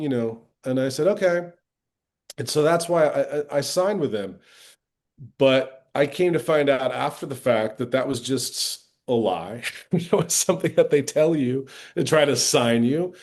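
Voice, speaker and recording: A middle-aged man, an actor, talking candidly as a podcast guest and recounting past experiences. He acts out other people's lines with lively shifts in tone. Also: mid-range voice, unhurried. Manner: animated retelling, acting out quoted voices with lively shifts. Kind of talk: candid storytelling in a casual interview.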